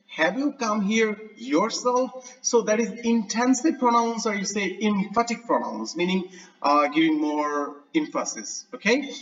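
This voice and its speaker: A man's voice: sits high, a bit bright. A man who is an English lecturer gives an online grammar lesson in a chatty way. He often checks in with "right?" and stretches out his fillers. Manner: drawn-out, hesitant fillers. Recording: distant, dull lo-fi mic.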